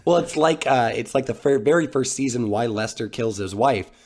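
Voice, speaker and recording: A man co-hosts a podcast, agreeing eagerly and rambling through his thoughts. His mid-pitched voice carries a gravelly fry. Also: moderate pace, darkish tone. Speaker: podcast co-host. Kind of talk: casual chat.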